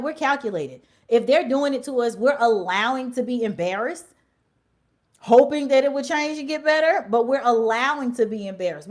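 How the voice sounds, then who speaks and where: A young woman hosting a livestream, talking in a blunt, animated way with slang and swearing. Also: on the high side. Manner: drops to whispers at times. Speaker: livestream host. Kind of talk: casual livestream chat.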